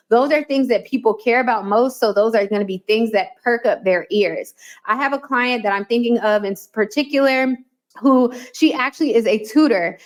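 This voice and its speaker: A woman hosting a solo business coaching podcast, talking in a chatty, animated way and acting out little quotes. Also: on the high side. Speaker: podcast host.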